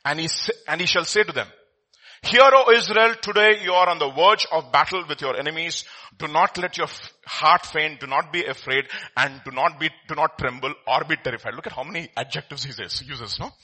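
A man preaching a sermon, reading scripture aloud and asking the congregation rhetorical questions, his voice swinging between loud and soft. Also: on the high side, a little fast. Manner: expressive preaching with rhetorical questions, voice rising and dropping sharply. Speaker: pastor.

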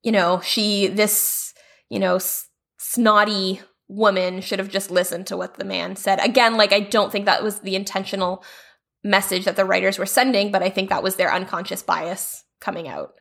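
Woman, podcast co-host, casual chat, chatty, mid pitch. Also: steady tone, moderate pace, vocal fry, a bit bright. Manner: chatty, lots of fillers and laughs. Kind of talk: casual chat recapping a TV episode.

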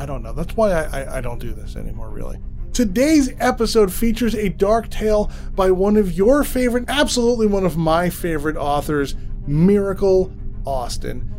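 Male podcast host with a fairly high voice and soft music underneath, chatty and self-deprecating, prone to stumbling over words. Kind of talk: casual show introduction.

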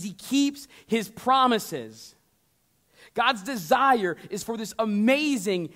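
High-voiced man preaching a sermon. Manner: swings from lively emphasis to hushed, near-quiet storytelling; conversational, addresses the congregation directly. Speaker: pastor.

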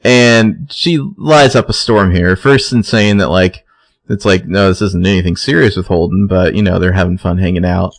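Deep gravelly man, wry recap. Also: normal speed, dry recording. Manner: wry, laid-back storytelling. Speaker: podcast co-host recapping a TV episode. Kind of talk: casual chat.

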